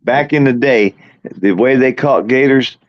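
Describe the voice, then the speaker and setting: A man's voice: mid-range voice, unhurried, no room sound. A middle-aged man telling rambling, profane stories in casual chat as a podcast host. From moved to Florida as a teenager. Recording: dull, dry sound.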